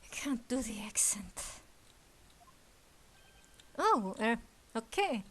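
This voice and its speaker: A woman's voice: on the high side, sing-song, slow. A woman hosting a let's-play, reading game dialogue with wry, self-mocking asides. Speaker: gaming channel host.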